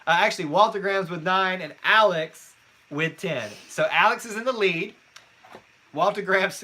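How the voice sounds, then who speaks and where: A man's voice: high voice, normal speed, bright, forceful tone. A man co-hosting a live trivia night, reading out scores and teasing his co-host in a casual chat.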